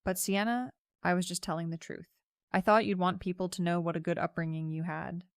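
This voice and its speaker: A woman's voice: on the low side, fairly even intonation, a little fast, clear, resonant tone, no echo, clean studio sound, close to an everyday voice. A woman voicing a flustered, tearful middle-aged mother in a story narration, pleading.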